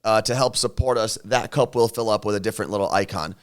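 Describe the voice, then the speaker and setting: A man's voice: lowish voice, fast. Man teasing his co-host with dry humor. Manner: dry teasing banter, reads viewer questions aloud. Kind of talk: casual live-stream chat. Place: hotel room.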